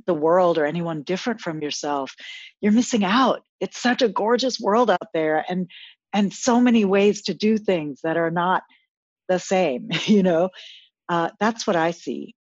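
Woman guest, coach type, earnest, restarts a lot; low-ish voice, dry dull recording. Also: measured pace, no echo. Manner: earnest, reflective, frequent restarts. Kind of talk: casual interview chat.

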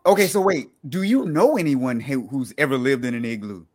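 A man from the American South with a Southern accent, hosting a podcast in a playful, teasing way with quick restarts. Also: mid-range voice, animated, darkish tone. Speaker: podcast host. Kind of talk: casual interview chat.

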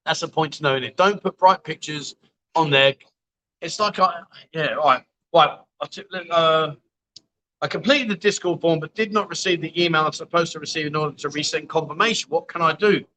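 A man's voice: fairly high pitch, normal speed, bright, forceful tone, poor audio. A man hosting a casual livestream from a bar, reading out viewer comments in a chatty, matey way. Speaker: livestream host. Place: bar, indoors.

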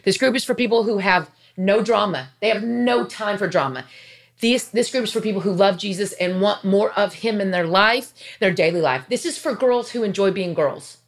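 A woman in her fifties talking earnestly and chattily to her viewers, emotional and near tears, with quick asides. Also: mid-range voice. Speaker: faith vlogger. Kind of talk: heartfelt casual talk to camera.

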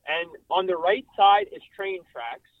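Young New guy, guest storyteller, lively swooping pitch, thin dry phone sound. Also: unhurried, no echo, phone-quality sound. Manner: animated, filler-heavy, swearing. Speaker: car photographer guest. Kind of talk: casual storytelling. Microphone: phone call, breaking up.

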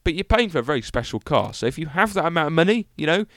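A man's voice: a little high, sing-song, fast, a bit bright, dry recording, studio quality. A young British man hosting a solo car-review podcast, talking in a rambling, enthusiastic, self-mocking way with lots of fillers. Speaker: podcast host.

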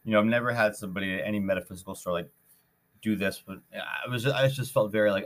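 Podcast host, young man from Minnesota, lower voice, loose rambling storyteller heavy on fillers. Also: fast talker. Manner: rambling, animated retelling with many fillers. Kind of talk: casual storytelling.

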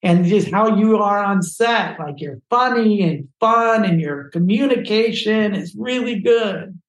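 A man's voice: sits high, a little slow, voice pushed up. Man doing a woman photo agent, pushy, gushing, effusive, raised voice, echoey room.

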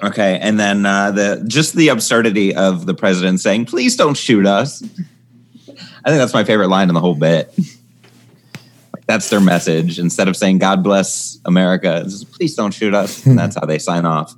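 A man co-hosting a casual chat, relaxed and halting, with many fillers and easy laughter. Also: low-pitched, slight background noise.

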